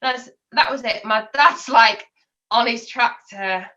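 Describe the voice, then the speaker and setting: A woman's voice: fairly high pitch, unhurried, bright, forceful tone, lo-fi sound. A woman, a podcast guest chatting openly and telling personal stories. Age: 20s. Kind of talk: casual chat.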